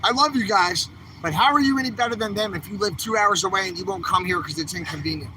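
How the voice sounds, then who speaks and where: An angry street vlog comes from a male activist livestreamer speaking high-pitched and fast as he rants outdoors in the city, agitated and exhorting his audience. Background noise is audible.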